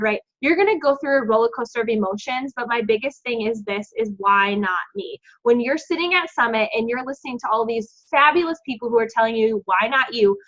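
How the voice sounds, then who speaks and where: A woman's voice: a little high, fairly bright tone. A woman giving her team an encouraging, chatty pep talk, full of "like" and "um". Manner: bubbly and encouraging, lots of "like" and "um". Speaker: team coach leading a group call. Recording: dull lo-fi sound.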